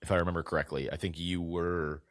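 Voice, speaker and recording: A man's voice: low-pitched, flat delivery, quick pace, fairly bright tone, dry recording. A man co-hosting a sports podcast, easygoing and agreeable, often trailing off and restarting his sentences. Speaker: podcast co-host. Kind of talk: casual sports chat.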